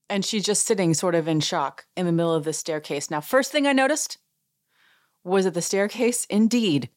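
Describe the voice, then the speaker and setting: A woman hosting a podcast, casually recapping a show as an amused, chatty storyteller who laughs and acts out what others said. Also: on the low side. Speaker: podcast host.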